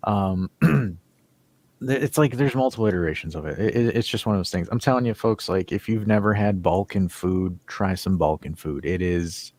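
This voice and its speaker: A man with a fairly low voice talks casually on a podcast, rambling through food talk and reading viewer comments aloud. His voice is recorded dry and close, with no room around it. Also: moderate pace, darkish tone, dry recording. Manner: chatty, reads out viewer comments. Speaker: podcast co-host.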